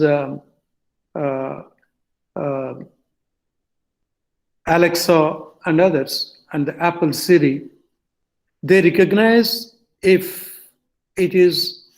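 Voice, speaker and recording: An older man with an Indian English accent speaks slowly in a lecture-style talk, his voice sitting fairly high for a man. He pauses often, fills gaps with "uh" and "um", and restarts and corrects his phrases as he goes. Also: rough recording. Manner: halting, with many fillers and self-corrections. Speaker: guest speaker.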